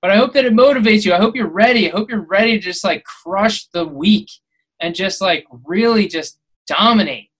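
A man's voice: sits high, normal speed, a bit bright, breathy edge, poor audio. A man talks straight to his podcast listeners in a motivational monologue. He preaches and exhorts, and he keeps pushing his voice up to emphatic peaks. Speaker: podcast host.

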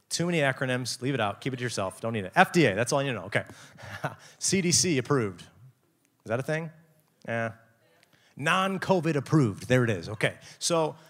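An energetic young man delivering a youth sermon, his pitch leaping around as he acts out little scenes and jokes. He preaches casually and lets his voice jump high for effect. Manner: animated, jokey, acts out quotes with big pitch swings. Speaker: youth pastor. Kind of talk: lively sermon.

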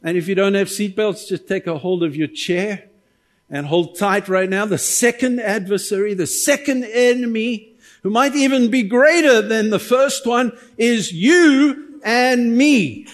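A man preaching a sermon in a noticeably high, light voice. He is middle-aged and animated, and he keeps prompting the congregation to answer him with amens. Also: moderate pace. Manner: lively, calls on the congregation for amens. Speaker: pastor.

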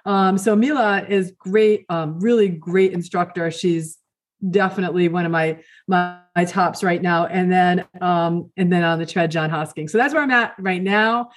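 A woman's voice: on the low side, moderate pace, faint music behind. Chatty woman on a podcast. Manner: chatty, uses fillers. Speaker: podcast co-host. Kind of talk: casual chat.

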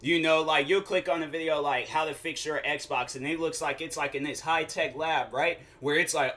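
A man's voice: fairly high pitch, fairly even intonation, moderate pace, hardly any pauses, pushed and bright. A young adult man hosting a solo podcast, talking casually in a rambling, slangy way and correcting himself as he goes. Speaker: podcast host.

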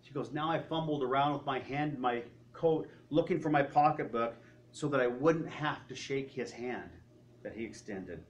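A man telling a story in a sermon, retelling someone's words and often dropping his voice low. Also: moderate pace, lo-fi sound, a little hiss or hum. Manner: retelling a story with quoted speech, often trailing off quietly. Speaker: preacher.

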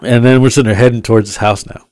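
A man's voice: mid-range voice, racing, no echo, studio quality. Profane man telling a story casually. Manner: animated, profane, acts out other people's lines. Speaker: podcast host.

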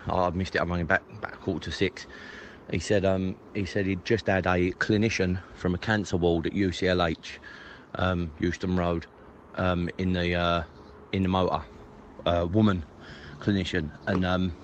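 A man's voice: low-pitched, little pitch movement, normal speed, a little hiss or hum. A man, retelling a story casually, hesitant with lots of ums and restarts.

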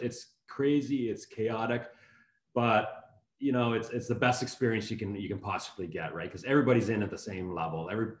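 A man in his fifties, a guest in an interview, talking in a friendly, rambling way with many restarts. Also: on the low side. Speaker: guest, hotel executive. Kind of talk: casual interview talk. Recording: echoey room.

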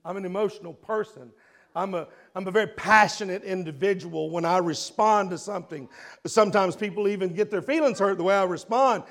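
A middle-aged man preaching a sermon with emotion, swinging between loud passages and hushed ones. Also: high-pitched, brisk.

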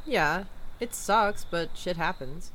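Casting: a woman playing a dry, teasing, exasperated partner with a lively voice, audio drama. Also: fairly low pitch, takes it slowly, slight background noise.

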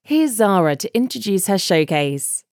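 A woman hosting a podcast, reading a scripted show introduction in a bright announcer's manner. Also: mid-range voice, very animated, moderate pace, clean tone, no room sound, clean studio sound. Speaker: podcast host. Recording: loud music behind. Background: loud music.

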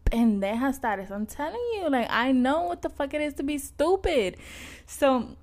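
A young woman co-hosting a podcast, telling a personal story bluntly, with lots of profanity and animated retelling. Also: high voice, moderate pace. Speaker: podcast co-host. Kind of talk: candid casual chat.

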